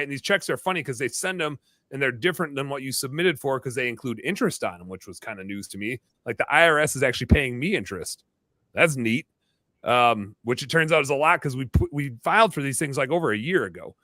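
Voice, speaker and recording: A man's voice: mid-range voice, bright, forceful tone, no room sound, clean studio sound. A man hosting a podcast, telling a long story in a rambling, chatty way full of asides. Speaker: podcast host. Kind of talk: casual storytelling chat.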